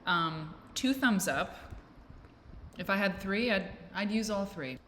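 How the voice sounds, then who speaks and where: With a mid-range, slightly bright voice and a slow pace, a woman runs a casual vlog from home, talking to camera as a fan blows nearby. She rambles and jokes at her own expense. The room echoes, and there's faint noise.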